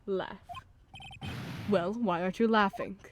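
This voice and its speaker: Casting: a woman putting on a sneering, cold male prosecutor, pitched low, slow and clipped, over game music. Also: natural voice. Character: cold, proud male prosecutor, jailed and bitter.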